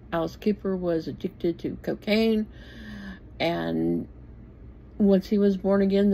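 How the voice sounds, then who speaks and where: A woman's voice: on the low side, vocal fry, dark tone, slight background noise, poor audio. A woman in her sixties giving an informal, plainspoken Bible talk, blunt and with the odd swear word. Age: 60s. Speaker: bible teacher.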